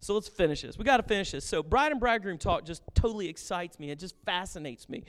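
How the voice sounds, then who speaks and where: A pastor preaching a sermon with passion and jokes, animated and lively in his delivery. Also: high-pitched, quick pace. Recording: long reverb of a hall.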